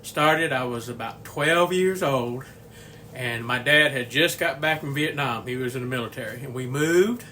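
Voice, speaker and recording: In his kitchen, a man in his sixties chats for his home cooking channel, a rambling, folksy storyteller quick to chuckle. His medium-pitched voice is pushed and bright at a moderate pace, with slight background noise behind it.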